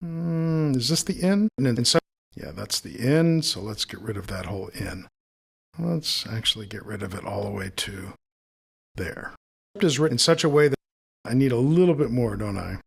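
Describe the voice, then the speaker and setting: A man's voice: fairly low pitch, lively intonation, moderate pace, gravelly, slightly rough. A man teaching audio editing, thinking aloud as he trims clips and mutters asides to himself. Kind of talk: screen-recorded editing tutorial.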